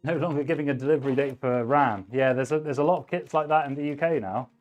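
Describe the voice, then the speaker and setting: A man hosts a live stream and chats casually while he assembles computers. He gives blunt, practical advice and thinks out loud as he goes. Soft music plays faintly in the background. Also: mid-range voice, fast talker. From United Kingdom. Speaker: livestream host, PC builder.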